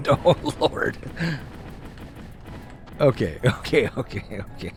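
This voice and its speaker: A man's voice: mid-range voice, lively intonation, slow, gravelly, slight background noise. An American man hosting a let's play, chatting casually over gameplay and laughing easily. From United States. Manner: chatty, giggly and easily amused.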